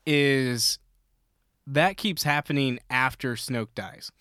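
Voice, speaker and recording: A man with a smooth, clean voice talks in a slow, explaining way, padding his thoughts with ums and uhs. The sound is close and dry, with no room around it. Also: mid-range voice, pushed and bright, no room sound. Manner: unhurried, filler-heavy, explains at length. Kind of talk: casual fan discussion.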